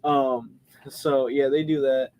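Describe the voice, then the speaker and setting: Male podcast co-host, mid-range voice, animated storyteller who acts out scenes. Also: mid-range voice, slow pace. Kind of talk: casual movie review chat.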